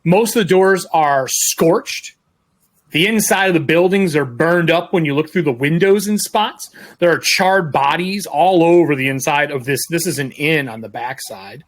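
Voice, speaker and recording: A man's voice: a little high, moderate pace. A man running a tabletop game as game master, describing scenes in a loose, rambling way. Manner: descriptive, loose, with fillers and restarts.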